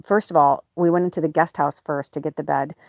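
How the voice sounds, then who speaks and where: A woman with a fairly low voice rambles through a casual podcast monologue, full of fillers and restarts. The sound is dry and close. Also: fairly even intonation, a little fast, vocal fry, no echo. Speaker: podcast host and medium. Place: off-grid home or van.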